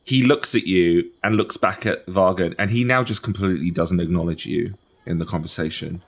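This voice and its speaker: A man's voice: low-pitched, normal speed. A man acting as game master, narrating a tabletop game with wry, laughing asides.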